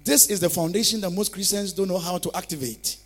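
A man's voice: sits high, fast. A male pastor preaching a fervent sermon, calling on listeners to repeat declarations after him.

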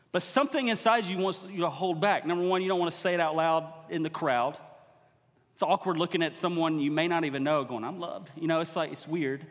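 A man preaching a sermon as guest preacher, talking conversationally and building to emphatic exhortation. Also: high voice. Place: church sanctuary. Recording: long hall reverb.

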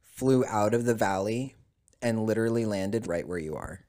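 A man's voice: on the low side, moderate pace, a little mellow. A man guest in casual conversation, telling a story with plenty of swearing and acting out both sides of the dialogue. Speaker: podcast guest.

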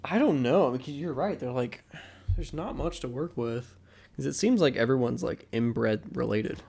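A man's voice: mid-range voice, lively intonation, moderate pace, creaky, a little mellow, breathy edge. A man co-hosting a podcast in casual, rambling, joking chat full of fillers. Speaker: podcast co-host.

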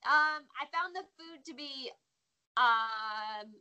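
An American woman, a former wrestler, chatting as a guest in an interview, animated and laughing often. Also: sits high, slow, clean tone, dull audio. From United States. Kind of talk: casual interview chat.

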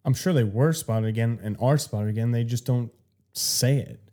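A man's voice: medium pitch, normal speed, dark tone. A man co-hosting a casual podcast chat, telling facts playfully with many fillers. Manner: playful, confident, hesitant fillers. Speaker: podcast co-host.

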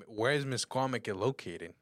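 A man co-hosts a casual podcast with a fairly low voice. He chimes in with short, blunt, profane remarks. The recording is dry and close. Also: a bit bright, no room sound. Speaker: podcast co-host.

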